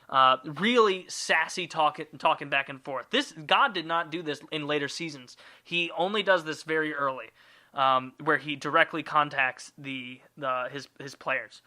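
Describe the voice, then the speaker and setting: Crude, bright-voiced comic storyteller man. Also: a little high, moderate pace. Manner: crude, rambling, sarcastic. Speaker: podcast host.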